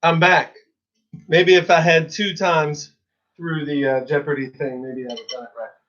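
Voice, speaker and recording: A man's voice: a little high, steady tone, normal speed, fairly bright tone, dull audio. A man teaching an online drum lesson, chatting casually and counting students through the exercises. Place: drum studio. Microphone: phone camera.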